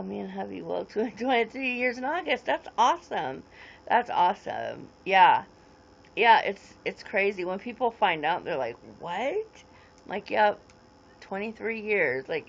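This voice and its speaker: A woman's voice: mid-range voice, dull audio. A woman in her forties rambling casually on a livestream, greeting viewers and answering their comments as they come in. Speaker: livestream host.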